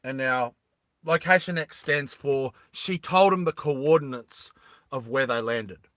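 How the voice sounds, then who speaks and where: A man's voice: mid-range voice, a little slow, a bit bright, no room sound, studio quality. A man casually retelling a movie plot, rambling, self-conscious and laughing often. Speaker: storyteller.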